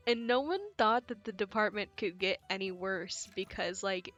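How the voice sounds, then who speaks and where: Gaming on stream, a young woman rambles through stories with giggles and swearing in a casual chat. She speaks at a medium pitch with a fairly bright tone, and faint music plays behind her voice.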